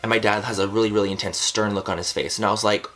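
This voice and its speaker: Young man, 20s, somewhat low voice, casual vlog storyteller, animated, swears a lot, heavy "like" filler. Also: racing, slight background noise. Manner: animated, swears freely, fills with "like". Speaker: vlogger. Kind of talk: casual personal storytelling to camera.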